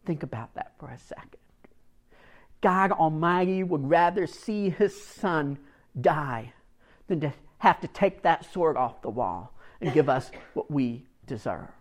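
A male preacher delivering a sermon at a slow, deliberate pace. He leans hard on key phrases, dropping to near-quiet, then building to loud emphasis. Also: a little high, animated. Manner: emphatic, swings from quiet to loud, long pauses.

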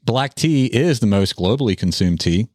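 A man's voice: on the low side, animated, normal speed, a little mellow, a little hiss or hum. A man hosting a casual podcast chat, rambling along and tossing in random facts. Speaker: podcast host. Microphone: studio mic with headphones.

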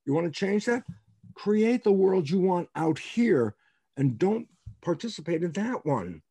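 A man telling stories as a guest in an interview, emphatic and animated, asking rhetorical questions and acting out the lines of people he quotes. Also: high voice, a little slow, slightly rough, dry recording. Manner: animated, acts out quoted dialogue. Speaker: guest biologist. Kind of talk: storytelling in an interview.

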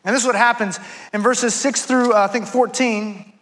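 A man giving a sermon in a high voice that sounds bright and forceful. He retells an old story in everyday talk and reads verses aloud. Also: fairly even intonation, moderate pace, low-quality recording. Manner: conversational, retells scripture in casual speech. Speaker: pastor.

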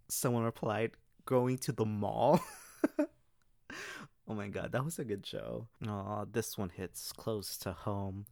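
Casual male podcast host, low voice, dry close sound, giggly reactions. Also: slow, creaky, pauses often, darkish tone, dry recording. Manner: chatty, laughs often between comments.

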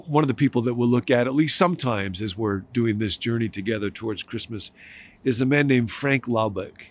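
A pastor preaches at a steady, middle pitch, moving through stories and scripture in a reflective way. He slows down and leans on key words when he makes his main points. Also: gravelly. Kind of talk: sermon.

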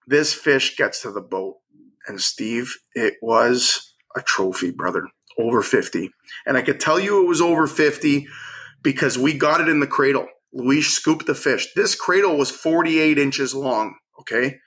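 A middle-aged man, a chef and angler, telling a story with energy and acting out what people said in lively bursts. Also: mid-range voice, unhurried, breathy edge. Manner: acts out quotes in lively bursts. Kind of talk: animated storytelling.

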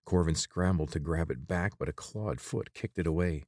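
A man narrating an audiobook in a steady, even storytelling manner. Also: low voice, moderate pace, no echo, studio quality.

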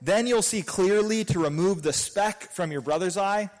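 A man preaching a sermon as pastor. His delivery is animated, with loud emphatic peaks and quiet asides. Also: sits high, moderate pace.

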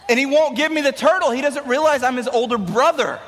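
Thirties male youth pastor, high bright voice, lively sermon delivery. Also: fairly quick, hardly any pauses, a little hiss or hum. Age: 30s. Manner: animated storytelling. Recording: long hall reverb.

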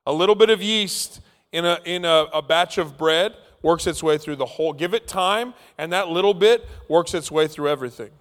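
A man's voice: fairly high pitch, moderate pace, fairly bright tone. A man preaching a sermon, telling stories playfully and acting out the scenes. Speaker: pastor. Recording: long reverb of a large hall.

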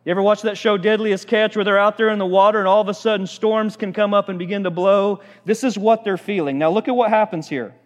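A man preaching a sermon as a pastor, animated and conversational, often asking the congregation questions. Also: high-pitched, quick pace, few pauses, big-room sound.

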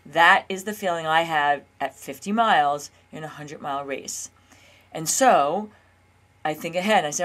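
A woman's voice: low-pitched, a little slow, a bit bright. A woman coaching listeners in a casual monologue, chatty, often checking in with "okay?" and fillers. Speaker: weight loss coach and podcast host.

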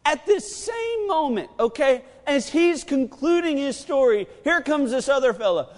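A man preaching a sermon, telling the story with animated energy and acting out the lines of the characters. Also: very high-pitched, measured pace, hardly any pauses. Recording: long reverb of a large hall.

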